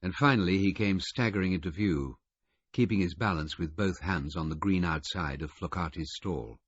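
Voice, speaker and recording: A man narrating a first-person audiobook with a husky voice and a measured, understated delivery. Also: low-pitched, dry recording. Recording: muffled lo-fi recording.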